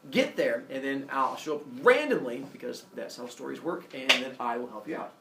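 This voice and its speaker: A man's voice: mid-range voice, expressive, normal speed, bright, forceful tone, roomy sound, far from the mic, a little hiss or hum. A man voicing a scheming goddess in disguise who talks in casual, jokey modern phrases. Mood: playful. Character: Hera, goddess posing as an old woman, scheming.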